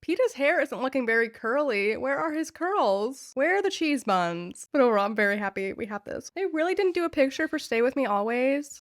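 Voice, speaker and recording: A young woman talks casually through an illustrated book for her channel. She is gushing and excitable, breaking into gasps and squeals between comments. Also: mid-range voice, no room sound, studio quality. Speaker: book vlogger.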